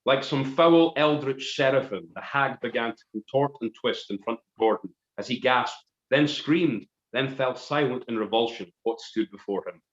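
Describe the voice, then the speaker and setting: A man's voice: mid-range voice, moderate pace, few pauses. A man narrates a comic tale with mock-dramatic flair. His voice sits mid-range for a man. The sound is roomy and dull, like a home live stream. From Scotland. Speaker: musician reading a story on a live stream. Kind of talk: comic storytelling.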